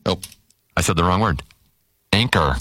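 A man running a word game show with a bright, forceful voice, calling out points and turns at a brisk clip. His pitch swings lively from line to line, and the sound is dry and close with no room around it. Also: no echo. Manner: brisk, announcing scores and turns. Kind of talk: game show hosting, reading scores and clues.

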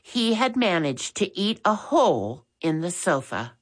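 A woman reading a children's chapter book aloud in a slow, expressive way. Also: fairly low pitch. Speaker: storyteller.

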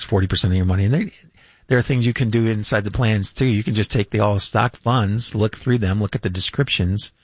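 Husky older man hosting finance radio. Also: on the low side, no room sound. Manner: rambling, chuckles, many fillers and restarts. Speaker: radio finance show host. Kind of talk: casual unscripted radio talk. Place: radio studio.

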